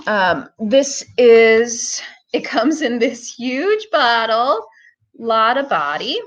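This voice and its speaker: A woman's voice: on the high side, animated, drawn-out words. A woman hosting a casual live-stream hair tutorial, chatting to her viewers with lots of fillers. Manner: chatty, filler-heavy, talks to viewers as "guys".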